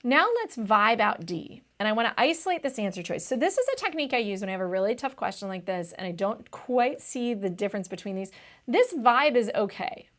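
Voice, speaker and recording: A woman's voice: on the high side, very animated, brisk, fairly bright tone. A young woman tutor explaining test questions in a chatty, casual way, often saying "vibe" and "like".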